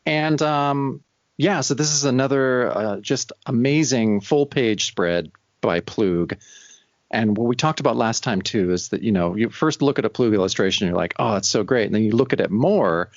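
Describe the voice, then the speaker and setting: A man's voice: medium pitch, normal speed, no echo, lo-fi sound. A man co-hosting a podcast, chatting about comic books with easy enthusiasm and laughter. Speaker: podcast co-host. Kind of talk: casual comic book chat.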